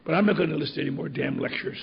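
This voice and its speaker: A gruff, exasperated father who has had his fill of lectures, voiced by an old man telling the story. The voice is gravelly and sits a touch high. It comes through a slightly dull archival tape. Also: lively intonation, rapid-fire, full character voice. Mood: irritated. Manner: gruff, defiant. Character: exasperated middle-aged father fed up with lectures.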